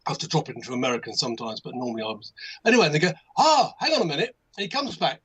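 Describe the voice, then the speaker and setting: A man's voice: mid-range voice, big pitch swings, rapid-fire, fairly bright tone, breathy edge, poor audio. An older man with an English accent, telling a rambling anecdote as a guest on a hobby livestream, full of restarts and asides. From England. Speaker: guest modelmaker.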